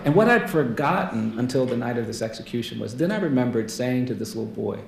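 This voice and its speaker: Male keynote speaker with a gravelly voice, earnest and soft-spoken storytelling with repeated refrains, recorded in a roomy lecture hall. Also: mid-range voice, lively intonation, a little fast, few pauses. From United States. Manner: quiet, earnest storytelling with rhetorical repetition. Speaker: keynote speaker and death-row lawyer. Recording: roomy hall echo, faint noise.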